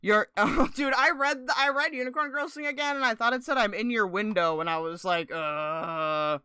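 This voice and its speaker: A woman streamer rambles through casual live chat, sarcastic and quick to swear. Her voice sits fairly high, bright and smooth, and it is recorded dry and close. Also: lively intonation, no echo.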